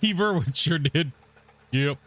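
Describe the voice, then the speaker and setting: A man's voice: a little high, lively intonation, measured pace, fairly bright tone. A man streaming a game, chatting casually with his viewers and laughing often. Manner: chatty, talks straight to viewers in chat, frequent laughter. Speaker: gaming streamer. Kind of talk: casual livestream chat.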